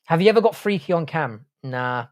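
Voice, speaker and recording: A man's voice: fairly high pitch, animated, brisk. British-accented male streamer, blunt crude banter, casual live-stream chat. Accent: British English. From Ireland, raised in England. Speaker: university professor.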